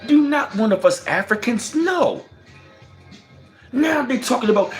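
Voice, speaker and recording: A man's voice: very high-pitched, expressive, a little slow, soft background music. A man hosting a heated livestream, profane and emphatic, firing off rhetorical questions and reading out viewer comments. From United States. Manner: reads out viewer chat comments. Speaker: livestream host.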